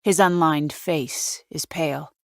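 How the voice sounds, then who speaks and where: A woman with a low voice reads a suspense audiobook in first person, wry and measured. The recording is close and dry, with no room sound. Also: steady tone, vocal fry, no echo. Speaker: audiobook narrator.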